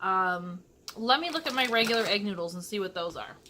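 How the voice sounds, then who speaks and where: A woman's voice: mid-range voice, lively intonation, a little fast, noisy background. A young woman from Michigan chatting casually through a cooking vlog in her home kitchen, with sassy asides. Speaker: vlogger.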